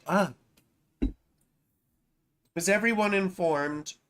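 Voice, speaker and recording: Hosting a relaxed live stream, this astrologer talks extremely slowly in a fairly low-pitched voice. Her manner is chatty and amused with herself, and she keeps repeating phrases and dropping in "right?".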